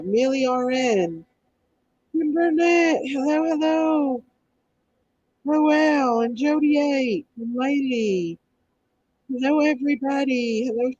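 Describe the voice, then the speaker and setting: A sick woman still recovering runs a casual livestream, naming viewers one after another as she greets them. The voice is high-pitched with a darkish tone and no echo.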